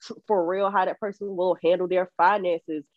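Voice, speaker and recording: In a dry recording that's slightly dull and muffled, a woman with a lowish voice co-hosts a casual podcast. Her intonation is fairly even and her speed normal, and she speaks candidly and earnestly with laughs between her points.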